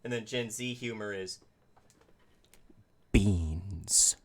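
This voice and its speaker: A man's voice: medium pitch, measured pace, fairly bright tone. A young adult man chatting casually as a player at a tabletop game, rambling and joking, with some profanity.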